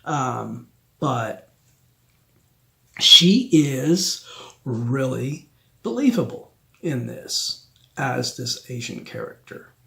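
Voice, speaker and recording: A man hosting a film review channel, talking through a review in a slow, rambling way with many ums. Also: medium pitch, lively intonation, creaky, fairly bright tone, a little hiss or hum.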